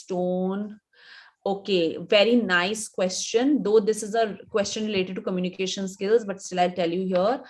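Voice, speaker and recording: An image coach in her thirties with an Indian English accent gives instructive advice during a live webinar, repeating her points for emphasis. Her voice is medium in pitch.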